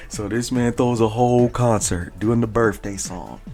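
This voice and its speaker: A man's voice: fairly low pitch, moderate pace, hardly any pauses, darkish tone. Young male gaming vlogger, casual and hyped, heavy slang, lots of repeated words for emphasis. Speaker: gaming YouTuber, host. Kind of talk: casual enthusiastic storytelling to camera.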